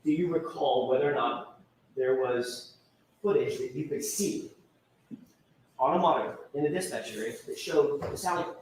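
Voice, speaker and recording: A male attorney questioning a witness in court, asking measured, methodical questions. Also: a little high, echoey room, a little hiss or hum, rough recording. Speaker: trial attorney.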